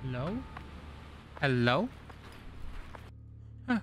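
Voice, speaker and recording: A man streaming a horror delivery game, joking and reacting loudly, on a studio microphone. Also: medium pitch, very slow, slight background noise. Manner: animated, jokey, squeals at animals. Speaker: gaming streamer. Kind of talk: let's play commentary. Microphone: studio dynamic mic.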